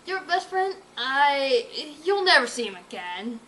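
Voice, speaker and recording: A gloating, greedy rich villain, as a woman reads him aloud from a storybook, drawing out every sneer with a lively, bright swing. He sounds loud and pleased with his own cruelty. There is faint hiss behind him. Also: high-pitched, exaggerated voice, poor audio. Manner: boastful, sneering, drawn-out delivery.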